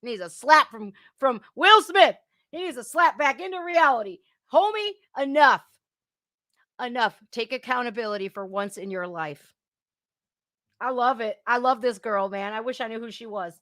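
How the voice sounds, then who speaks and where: A woman's voice: fairly high pitch, lively intonation, normal speed, no room sound. Woman, reaction host, blunt, scolding, dry close sound. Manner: blunt, scolding, laughs loudly. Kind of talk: casual commentary reacting to a video clip.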